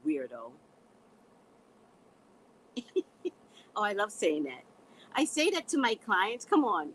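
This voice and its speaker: A middle-aged woman, a psychic reader, hosts a casual live stream and talks to her viewers bluntly and sassily, calling them "guys" and laughing as she goes. Her mid-range voice swoops wildly in pitch at a slow pace and sounds a bit bright. The audio is poor, with slight background noise.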